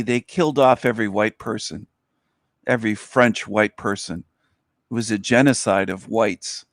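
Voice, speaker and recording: A man's voice: medium pitch, dry recording, studio quality. A man hosting a livestream in casual commentary, often talking in a sarcastic, mock-sincere way. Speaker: livestream host.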